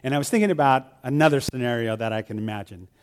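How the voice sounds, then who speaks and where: A church leader talks fast to his congregation in a clear, resonant, slightly mellow voice during informal announcements. Chatty, he tells little stories and acts out quoted voices in a high pitch.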